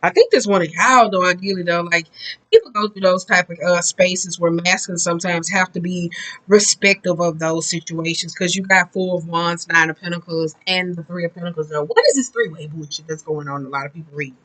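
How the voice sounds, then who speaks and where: A woman's voice: lowish voice, a little fast, a bit bright, low-quality recording. Blunt, profane woman tarot reader. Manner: blunt and profane, chatty and rambling. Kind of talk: casual tarot card reading.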